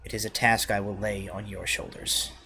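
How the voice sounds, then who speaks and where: A man voicing a stern female wood elf ranger leader, speaking in a measured, formal, quiet way. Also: on the low side, flat delivery, vocal fry, a little hiss or hum.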